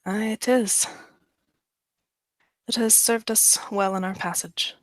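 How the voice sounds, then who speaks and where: Lady doing a norse seafarer woman, formal, measured, dry sound. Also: mid-range voice, fairly even intonation, no room sound, lightly acted.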